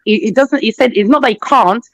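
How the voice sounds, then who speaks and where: A woman's voice: a little high, brisk, fairly bright tone, poor audio. A woman on a casual online panel, teasing and playfully indignant. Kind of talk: casual live panel banter.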